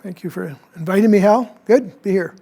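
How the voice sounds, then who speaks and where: A man in his seventies with a gravelly, rough edge to his voice, pitched notably high for a man. He speaks as a studio interview guest, explaining patiently and often stepping back to restart a thought. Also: a little fast, mellow. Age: 70s. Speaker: psychologist guest. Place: TV news studio.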